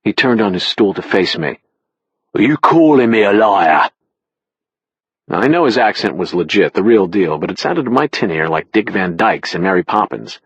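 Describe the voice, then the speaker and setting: A man narrating an audiobook in the first person with a wry, expressive delivery. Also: on the low side, slightly rough, dry recording, muffled recording.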